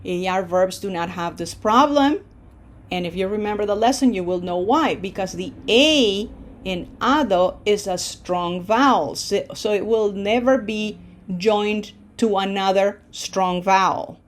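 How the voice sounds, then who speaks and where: Casting: female language teacher, unhurried delivery, patient, keeps checking in with the class. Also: mid-range voice. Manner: patient, explains step by step, frequent "okay?" check-ins. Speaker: Spanish teacher. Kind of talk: online language lesson.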